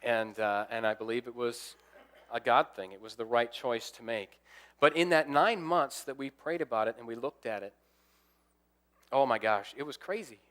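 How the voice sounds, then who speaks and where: Young guy pastor telling a story in his sermon, mid-pitched, acts out all the dialogue. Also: moderate pace. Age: young adult. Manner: animated storyteller acting out quoted dialogue. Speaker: assistant pastor.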